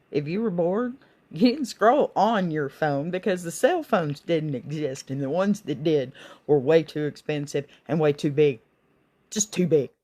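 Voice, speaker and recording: A woman's voice: sits low, warm tone. A middle-aged woman telling folksy comic stories in a wry, drawling way. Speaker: comedic storyteller. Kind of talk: comic storytelling monologue.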